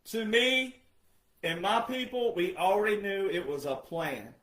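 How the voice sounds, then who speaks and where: A man delivering a heated, scolding monologue, firing off repeated rhetorical questions and often raising his voice to a shout. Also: high voice, animated, a little slow, reverberant. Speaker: online commentator. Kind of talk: ranting monologue.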